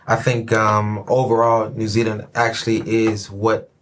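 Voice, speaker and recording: A man from Chicago with a Chicago American accent, hosting a casual podcast chat, animated and joking. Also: on the low side, measured pace, slight background noise. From Chicago, USA. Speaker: podcast host.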